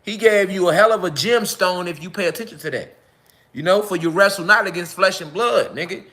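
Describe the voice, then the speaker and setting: Fervent high-voiced man ranting. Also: brisk, bright, forceful tone. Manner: rambling, repetitive, fervent. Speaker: social media commentator. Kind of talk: profane casual monologue.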